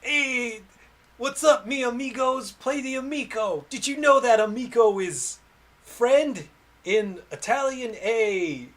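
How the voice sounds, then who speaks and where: A man putting on an exaggerated impression of a loud, cheerful male showman greeting his fans. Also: very high voice, lively intonation, slow pace, voice pushed up, heavily acted. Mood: hammy. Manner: over-the-top, shouted cheerful greeting.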